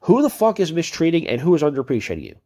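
A man's voice: a little high, huge pitch swings, racing, warm tone. A man giving heated, profane commentary on chat messages he reads out, ranting and cursing as a video creator.

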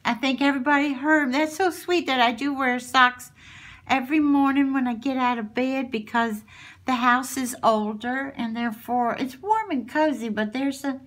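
Chatting casually at home, a craft channel host unboxes her crafty mail and gushes over each item. She has a high voice with a slightly bright tone.

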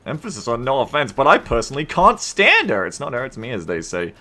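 An Australian man streams a game live and talks straight to his chat. His banter is profane and sarcastic, and his voice has a bright, forceful edge with a lot of rise and fall. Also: medium pitch, huge pitch swings, fast talker. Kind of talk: live gameplay stream chatting with viewers.

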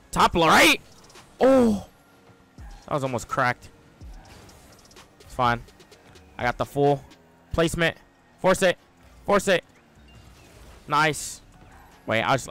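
A man narrates his own match in clipped calls, unhurried at base but breaking into sudden loud yells. His pitch sits mid-range for a man. Soft music plays faintly underneath. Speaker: gaming YouTuber. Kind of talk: live gameplay commentary.

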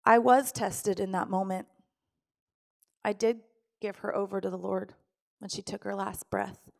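A woman's voice: mid-range voice, steady tone, a little slow, vocal fry, a little mellow. A middle-aged woman pastor preaching a sermon, telling a personal story with strong emotion and acting out her own pleading prayers.

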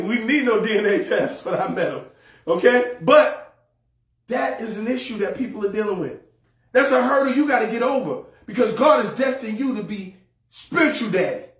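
A man preaching a sermon as pastor, humorous and folksy, repeating words as he goes. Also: high voice. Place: church sanctuary. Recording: echoey hall, mic far off.

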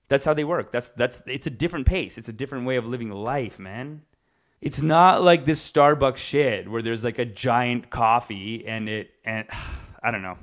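A male comedian talks through a loose comedic monologue, hopping from point to point with animated, casual energy. His voice sits at an ordinary middle pitch, and he swears offhandedly as he riffs. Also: brisk. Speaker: stand-up comedian.

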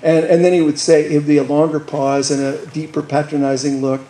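A man's voice: a little high, little pitch movement, brisk, dark tone, reverberant, low-quality recording. A man in his sixties giving a public lecture at a college, wry and teasing but earnest. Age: 60s. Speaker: guest speaker.

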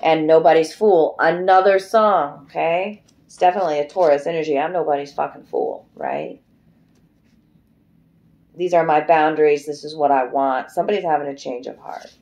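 A woman's voice: low voice, expressive, normal speed, darkish tone. A middle-aged woman giving a casual, emotive tarot card reading, chatty and loose, swearing freely. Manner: chatty and emotive, breaks into singing. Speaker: tarot reader.

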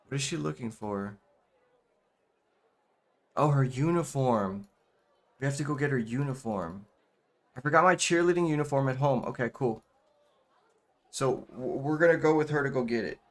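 A man's voice: medium pitch, normal speed, pauses often. A man giving casual let's-play commentary, rambling with lots of fillers and repeated "okay.". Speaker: gameplay commentator.

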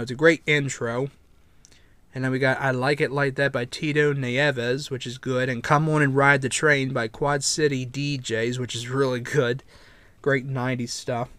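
A man's voice: mid-range voice, dry recording. A man casually showing his collection, talking in a rambling, easygoing way. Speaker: vlogger. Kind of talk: casual show-and-tell.

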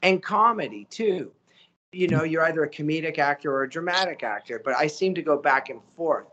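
A man, a voice actor telling stories as an interview guest, animated and slipping into character voices. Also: fairly high pitch, brisk, lo-fi sound. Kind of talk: casual storytelling interview.

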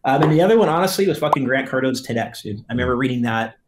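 Blunt, profane real estate coach. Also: male voice, medium pitch, animated, very fast, background noise. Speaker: real estate team leader and coach, guest. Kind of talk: casual podcast chat.

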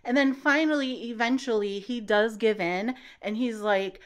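A woman hosting a casual book-recap podcast, talking loosely with many fillers and acting out the characters' lines in quick put-on voices. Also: fairly high pitch, slight background noise.

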